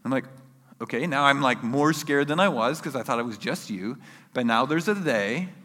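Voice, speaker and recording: Male preacher, animated storyteller, bright edge, big hall echo. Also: mid-range voice, moderate pace. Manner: animated storyteller acting out his own yells. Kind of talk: sermon storytelling.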